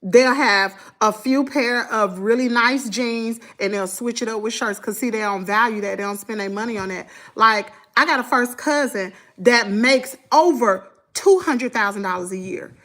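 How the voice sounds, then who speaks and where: A woman's voice: a little high, normal speed, hardly any pauses, a bit bright. A middle-aged woman with a Southern US accent, chatting casually to viewers as a vlogger while scolding and dressing her child. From Southern United States. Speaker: vlogger and mother.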